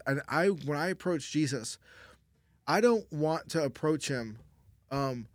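A man's voice: medium pitch, a little slow, dry recording. Earnest pastor man, dry close mic. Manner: conversational, earnest, many restarts. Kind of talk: casual Bible discussion.

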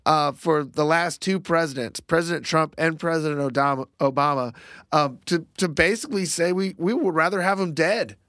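A man talking through a Bible passage in a casual faith discussion, reflective and halting, with many fillers and restarts. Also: fairly high pitch, a bit bright, no echo, studio quality.

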